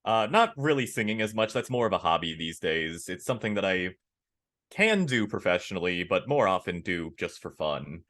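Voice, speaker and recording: A man, a voice actor, chatting casually in an interview, animated and candid, laughing easily. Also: normal speed. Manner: animated, acts out quoted lines with big pitch jumps. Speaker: voice actor guest.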